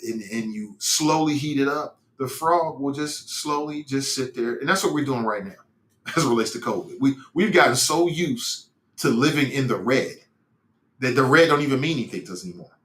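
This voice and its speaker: A middle-aged man hosts a casual livestream podcast, talking in a loose, rambling way full of slang and restarts. His voice sounds bright and edged, set in an echoing room. He is from Cincinnati. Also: medium pitch, moderate pace. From Cincinnati, United States. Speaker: podcast host reading live chat.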